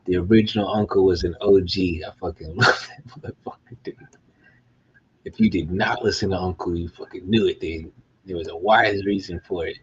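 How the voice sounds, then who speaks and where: A man's voice: sits low, fairly even intonation, brisk, husky, muffled recording. A middle-aged man, a guitar maker, rambling casually and profanely to himself in a behind-the-scenes vlog.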